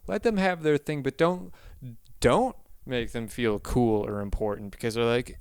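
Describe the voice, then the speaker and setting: A man rambles through a comedic monologue in a very smooth, resonant voice, stopping often to correct himself and slipping in deadpan asides. The sound is close and dry, with no room around it. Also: medium pitch, normal speed, dry recording.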